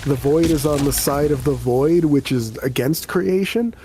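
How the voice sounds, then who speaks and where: A male game master narrating a tabletop game in a loose, rambling style and swearing freely. His voice sits a little high for a man, with a faint noise floor underneath. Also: a little slow. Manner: casual, rambling, profane.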